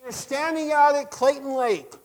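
A middle-aged man preaching to his congregation, swinging between loud emphasis and quiet lines and asking them direct questions. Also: very high voice, fairly even intonation, normal speed. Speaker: pastor. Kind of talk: sermon.

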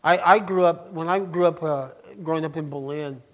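A man preaching a sermon to his congregation, chatty and full of asides, who swings between loud emphatic passages and quiet, hushed lines. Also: fairly high pitch, moderate pace. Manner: conversational with restarts and asides to the congregation. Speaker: pastor.

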